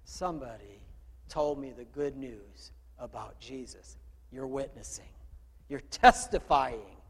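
A man, the pastor, giving a conversational sermon, asking his congregation questions and swinging from quiet talk to loud calls. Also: mid-range voice, unhurried, husky, big-room sound. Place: church room with a congregation.

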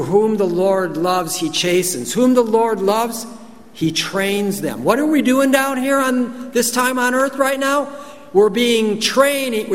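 Man preaching in a reverberant hall. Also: sits high. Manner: folksy, emphatic, asks the congregation questions. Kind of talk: conversational sermon. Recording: long hall reverb, faint ambient noise.

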